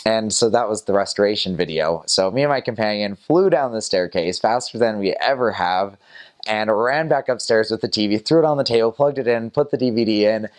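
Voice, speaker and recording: A young man with a fairly low voice recounts a personal story in an easygoing, conversational way. He sprinkles in small laughs and casual fillers as he talks. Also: brisk. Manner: chatty, laughs often between phrases, fillers like "like" and "kinda". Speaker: former missionary telling a story.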